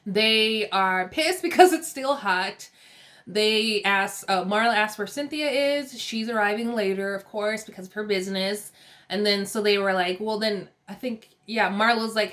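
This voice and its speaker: A young woman from California talks through a TV episode in a loose, casual recap. Her voice sits a little higher than most, and she is opinionated and quick to laugh as she goes. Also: a bit bright. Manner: chatty and opinionated, laughs often. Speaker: TV recap host.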